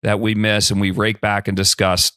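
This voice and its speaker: A man with a fairly low voice hosts a casual conversation. He jokes and tells quick stories before asking his guest questions, and the recording sounds dry and close. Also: little pitch movement, bright, forceful tone, clear, resonant tone, no echo. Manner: chatty, joking, asks questions. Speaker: podcast host.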